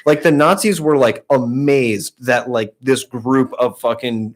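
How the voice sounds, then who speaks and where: A man's voice: medium pitch, measured pace, hardly any pauses. A young man co-hosting a podcast, telling a long story in a rambling, profane way, packed with "like" and restarts. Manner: rambling storyteller, heavy swearing and filler "like". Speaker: podcast co-host. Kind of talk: casual chat.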